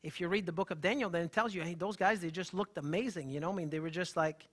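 A man in holistic health gives an emphatic, spirited live presentation, bantering with the people in the room. He talks at a quick pace with a high-pitched voice.

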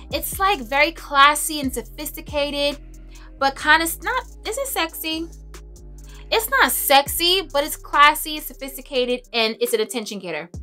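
Young woman, chatty beauty vlogger, bright voice, slightly high, light music behind. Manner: chatty, expressive, laughs often, dramatic asides. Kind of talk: casual chat to camera.

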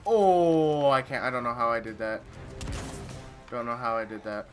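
A man giving live commentary while playing a shooter game, excitable and taunting the opponents as he plays. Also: medium pitch, moderate pace, over music. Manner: trash-talking, excitable, talks to opponents. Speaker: gamer. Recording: loud game gunfire behind voice. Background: game gunfire and effects.

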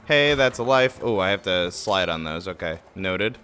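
An excitable man livestreaming a platform game. His voice swings widely in pitch and has a bright, forceful edge. He swears freely and mocks his own mistakes, with faint game music playing behind him. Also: a little fast, few pauses, clear, resonant tone. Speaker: game streamer. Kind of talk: live gameplay commentary.

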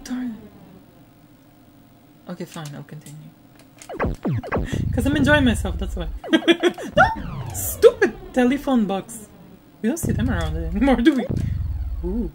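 A woman hosting a retro gaming video, reacting loudly to the game with laughs, gasps and exclamations. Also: on the high side, wildly swooping pitch, measured pace, long pauses, background noise. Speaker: gaming channel host. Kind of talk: excited let's-play commentary. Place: home, playing retro computer game. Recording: game music loud behind.

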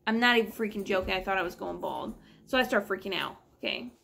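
A young adult woman vlogger at home, telling a long story in an animated, rambling, exasperated way. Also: medium pitch, fast, vocal fry, a little hiss or hum. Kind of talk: casual storytelling vlog.

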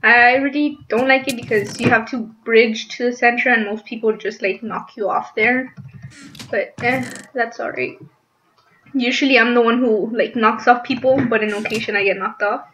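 Chatting casually while she plays, this young gaming channel host has a fairly high, fairly bright voice with a steady tone and moderate pace, occasionally breaking into giggles and squeals. The lo-fi mic is dull and picks up faint noise.

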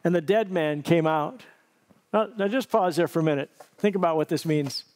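A middle-aged male pastor tells a story in a sermon, earnest and vivid. His voice sits a little high for a man, and he often circles back to restart a phrase as he builds the picture. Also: normal speed, darkish tone.

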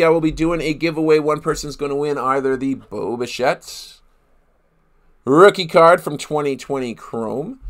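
A man's voice: a little high, a bit bright, clear, resonant tone. A man from Canada hosting a live card break, chatting casually with viewers, laughing often and thinking aloud with fillers.

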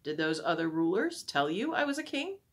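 A woman reading a calm, gentle teacher. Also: lowish voice, a little fast. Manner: calm, explaining. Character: calm, gentle adult male teacher, quietly sure.

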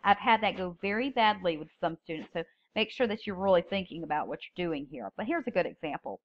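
A woman's voice: lowish voice, fast talker. Woman lecturing on public speaking, lo-fi. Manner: expressive, stresses key words when reading examples. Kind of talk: recorded classroom lecture.

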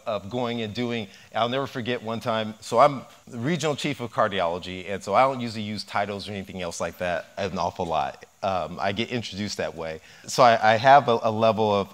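Lively male cardiologist lecturing. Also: fairly low pitch. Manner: animated, storytelling with humor. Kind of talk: health lecture.

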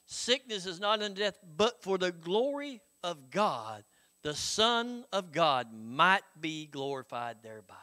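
A middle-aged pastor preaching in a high, ringing voice. He keeps it folksy and conversational, tossing "Hello?" out to the congregation. His tone is bright and forward. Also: sing-song, unhurried. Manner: folksy, conversational preaching with frequent "Hello?" call-outs and chuckles. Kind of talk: sermon.

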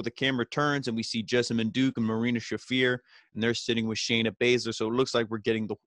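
A man's voice: mid-range voice, a bit bright, no echo. A man hosting a podcast, giving a casual, rambling recap full of "you know" fillers and paraphrased quotes. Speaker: podcast host.

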